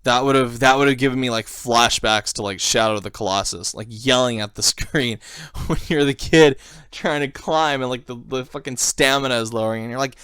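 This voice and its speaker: A man hosting a casual podcast chat, talking excitedly and rambling with lots of swearing. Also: medium pitch, normal speed, smooth, no echo, clean studio sound. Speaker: podcast host.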